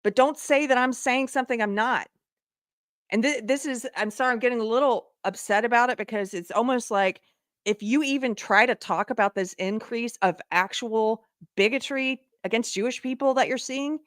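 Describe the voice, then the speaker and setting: A woman's voice: fairly high pitch, moderate pace, dry recording, clean studio sound. A woman hosting a live online commentary show, talking in an impassioned way that climbs into exasperated outbursts. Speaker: show host.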